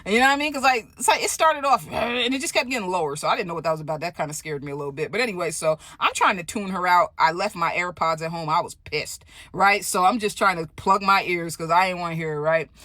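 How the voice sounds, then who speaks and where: A woman telling a story in a casual vlog, animated and profane, often asking "right?". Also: on the low side, fast talker, hardly any pauses, no room sound, studio quality.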